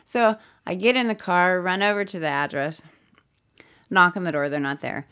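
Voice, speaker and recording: Animated middle-aged woman telling a story. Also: fairly low pitch, moderate pace, clear, resonant tone. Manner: animated storyteller acting out quotes, swears often. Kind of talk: casual podcast chat.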